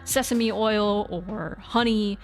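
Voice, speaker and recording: A woman's voice: mid-range voice, fairly even intonation, takes it slowly, soft background music. A young woman streamer chatting casually through a sponsor read, rambling with lots of fillers and restarts.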